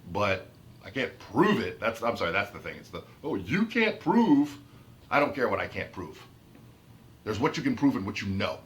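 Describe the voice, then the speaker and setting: With a low voice and a fairly bright tone, an autistic vlogger rants to camera about his autism over slight background noise. The rant is unscripted, heated, and emphatic, full of repeated and restarted phrases.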